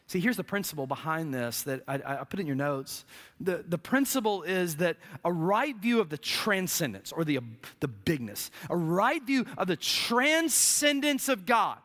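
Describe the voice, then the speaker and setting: Male pastor, high and lively delivery, preaching to his congregation. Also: normal speed. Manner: energetic preaching, big swings from loud highs to hushed lows. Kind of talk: sermon. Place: church sanctuary.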